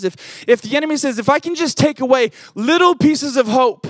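A young man preaching a sermon, telling a personal story in a chatty, animated way with lots of fillers. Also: very high-pitched, fairly quick, few pauses, no echo. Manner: animated storytelling, many fillers, rises when excited.

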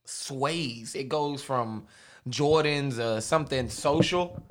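A man's voice: mid-range voice, takes it slowly. A man, telling stories on a podcast in a laid-back drawl. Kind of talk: casual chat.

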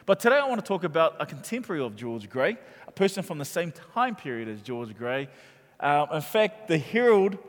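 A man preaching a sermon, calling out to his congregation and growing loud on key points. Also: on the high side. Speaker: pastor. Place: church auditorium. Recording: long reverb from a large hall.

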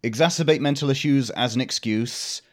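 A man's voice: medium pitch, normal speed. Dry-witted man co-hosting a podcast. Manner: dry, joking commentary. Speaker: podcast co-host. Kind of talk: casual film discussion.

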